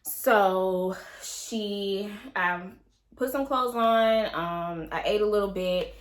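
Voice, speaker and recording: A woman in her twenties telling a personal story in an animated way, acting out quoted dialogue with many fillers. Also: medium pitch, slow pace. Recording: echoey room.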